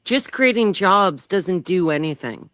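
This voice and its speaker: California guy on a podcast panel, sharp crisp voice, pointed questions. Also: sits high, lively intonation, unhurried, no room sound, studio quality. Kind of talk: casual panel chat.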